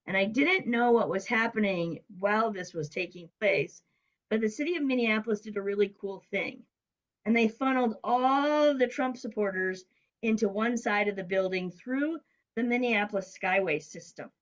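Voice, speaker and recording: A middle-aged woman, a guest on an interview show, telling a story in a lively way and acting out the voices of people she quotes. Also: mid-range voice, normal speed, low-quality recording. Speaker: guest, business coach.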